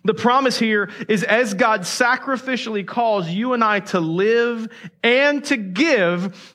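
A man's voice: very high-pitched, takes it slowly, bright, forceful tone. A middle-aged male pastor preaching a sermon, emphatic and conversational, with storytelling asides.

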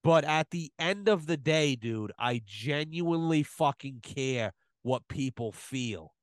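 A man's voice: a little high, expressive, slow, smooth, dry recording. Profane, emphatic storytelling man. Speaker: podcast guest, plumber. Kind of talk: casual podcast chat.

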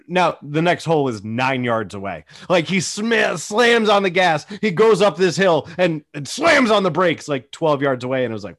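A young man chatting casually as a podcast co-host. He tells stories with animation, acting out what people said, his pitch swinging widely. The sound is dry and close. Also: moderate pace, few pauses, dry recording. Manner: animated storyteller, acts out quotes. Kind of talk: casual chat.

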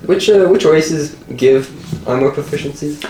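A man's voice: a little high, moderate pace, recorded from a distance, background noise. A man playing a tabletop game, asking and chatting in a curious way. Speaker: player. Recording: echoey room, music clear.

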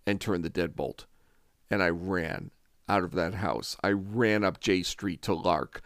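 A man in his forties recounts a personal story in a deep, low register, frank and now and then wry. His voice carries a gravelly fry. The sound is dry and close, with no room around it. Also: a little slow, fairly bright tone, no echo. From Albany, New York. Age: 40s. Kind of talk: first-person true-story narration.

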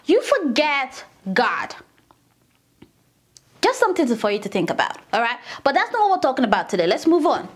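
High-pitched woman doing bible study, super animated, gets worked up. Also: normal speed. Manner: animated, indignant asides, dramatic retelling. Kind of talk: casual Bible teaching.

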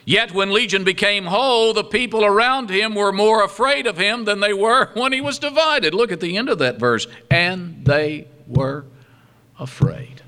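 A man's voice: normal speed, few pauses, smooth. A man preaching a sermon, reading scripture aloud and adding humorous asides. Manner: animated preaching with wide swings in pitch and loudness. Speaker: pastor.

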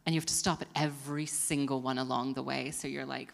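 A woman's voice: extremely low pitch, level tone, quick pace, creaky, hardly any pauses, long reverb tail. A woman hosting a live comedy show, rambling and self-mocking, laughing at her own jokes. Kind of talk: stand-up comedy. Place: performance venue with live audience.

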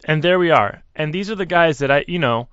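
Young male caller, earnest storyteller, halting delivery, muffled dry lo-fi audio. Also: fairly high pitch, fairly bright tone, clear, resonant tone, dry recording. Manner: earnest, halting, quotes others in dialogue. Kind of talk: telling a personal story.

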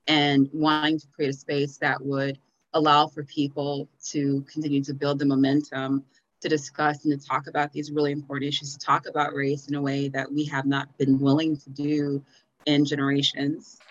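A woman's voice: a bass voice, no room sound. A woman guest on a podcast interview, explaining in long, earnest, flowing sentences. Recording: dull dry lo-fi sound.

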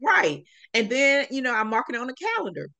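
A woman's voice: a little high, fairly quick. A woman guest on a podcast chatting casually, with a sarcastic, comical way of telling stories and acting out quotes. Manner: animated, lots of acted-out quotes. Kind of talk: casual interview chat.

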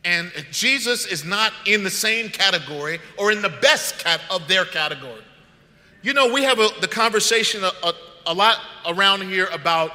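A male pastor with a high, bright voice preaches a conversational sermon in a church sanctuary, asking the congregation questions. The recording carries the long reverb of a church hall.

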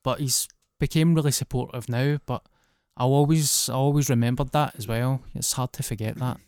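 A man's voice: mid-range voice, fairly even intonation, moderate pace, darkish tone, clear, resonant tone, dry recording, studio quality. A Scottish man, a guest comedian, telling blunt, plain-spoken stories in casual chat. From Scotland.

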